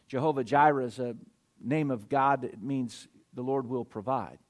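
A man preaching a sermon and reading scripture, speaking emphatically. He swings between loud stresses and quiet asides and keeps checking in with his listeners. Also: medium pitch, moderate pace.

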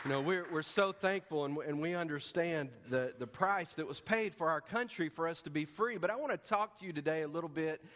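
A man's voice: fairly high pitch, brisk, few pauses, a bit bright, some chatter behind. Folksy male pastor preaching in a hall. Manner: folksy, asks the congregation questions. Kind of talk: sermon. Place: church sanctuary. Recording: long reverb of a church sanctuary.

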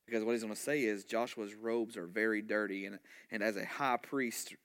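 A male pastor preaching a sermon in an animated way, often restarting phrases and asking his congregation questions. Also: fairly low pitch, moderate pace, clean tone. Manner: animated, with frequent restarts and repeated words; asks the congregation rhetorical questions and call-and-response.

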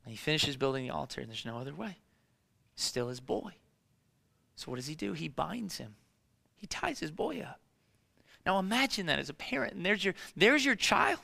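A man preaching a sermon in a dramatic storytelling way, moving between hushed and emphatic delivery. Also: fairly high pitch, animated, normal speed, gravelly. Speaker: pastor.

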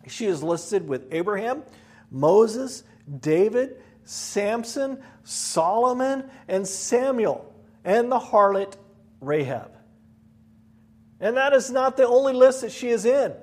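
A man preaching a sermon as pastor, animated and storytelling, acting out voices. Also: very high-pitched, takes it slowly.

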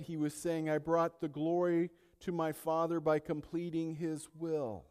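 A male pastor preaching an impassioned sermon, swinging between hushed and loud delivery. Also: on the high side, little pitch movement, measured pace, smooth. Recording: long hall reverb.

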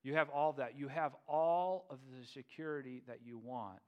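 A man preaching a sermon, lively and humorous, acting out scenes. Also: mid-range voice, normal speed, clear, resonant tone. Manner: animated, acts out biblical figures with playful humor. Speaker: pastor.

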